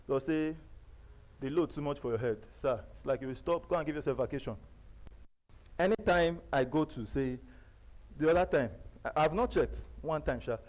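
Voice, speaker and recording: A man's voice: a little high, moderate pace, poor audio. Emphatic Nigerian man at a seminar. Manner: emphatic, repetitive, preacher-like; swings from loud bursts to quiet asides. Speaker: seminar speaker. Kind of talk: live motivational seminar talk. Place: seminar venue.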